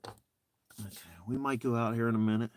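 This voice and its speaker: A man's voice: mid-range voice, normal speed. A man chatting casually on a live stream from inside his truck at night, a little out of breath and sometimes dropping to a whisper. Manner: rambling, relaxed, drops to a whisper at times. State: a bit out of breath. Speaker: vlogger.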